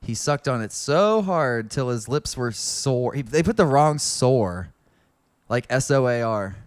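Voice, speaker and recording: A man co-hosting a podcast, casually reading fan fiction aloud in a deadpan way with wry asides. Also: mid-range voice, a little slow, smooth, no room sound. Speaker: podcast co-host.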